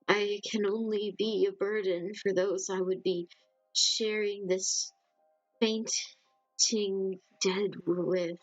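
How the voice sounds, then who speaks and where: A woman voicing a fragile, lost female ghost in a game, reading slowly and quietly. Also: mid-range voice, flat delivery, no echo, faint music behind, low-quality recording. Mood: melancholy. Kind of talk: reading game dialogue aloud.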